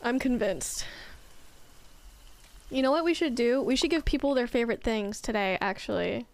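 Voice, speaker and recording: A woman's voice: fairly high pitch, normal speed. A young woman streaming a video game, chatting casually and giggling as she answers her viewers. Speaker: livestreamer. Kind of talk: casual gameplay chat with viewers.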